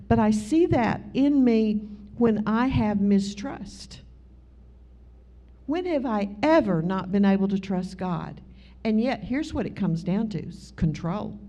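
A woman's voice: medium pitch, warm tone. A middle-aged woman teaching a Bible study, telling chatty personal stories and acting out both sides of conversations. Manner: chatty storyteller who acts out both sides of dialogues. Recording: dull lo-fi recording.

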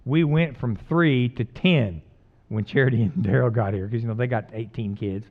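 A middle-aged male pastor preaching a conversational sermon, mixing loud emphatic lines with quiet, jokey personal stories. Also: medium pitch, normal speed, dull audio.

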